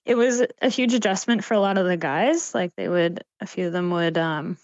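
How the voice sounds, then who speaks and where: A young woman from Canada chatting casually as a podcast guest, animated and laughing often, with lots of "like.". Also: on the low side, fairly quick, dry recording, highs cut off. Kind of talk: casual chat. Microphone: remote call mic.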